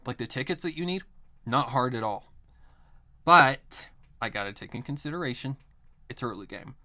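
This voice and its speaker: A man's voice: medium pitch, lively intonation, normal speed, sharp tone. Guy streaming and just rambling while he works, lots of "like", swears a bunch, normal mid voice. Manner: rambling, fillers of "like", frequent swearing. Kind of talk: casual live-stream chat.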